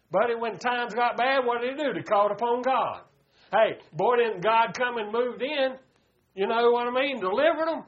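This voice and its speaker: A man's voice: extremely high pitch, moderate pace, fairly bright tone. A man, preaching a folksy sermon and calling his listeners "buddy.". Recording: dull lo-fi recording.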